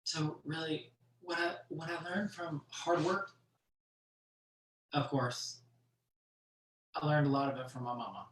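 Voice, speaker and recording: A comedian telling stories on a virtual show, in an animated way with frequent laughs. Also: medium pitch, unhurried, pauses often, recorded from a distance. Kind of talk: stand-up storytelling on a virtual show. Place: room at home for a virtual show. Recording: echoey room, off-mic.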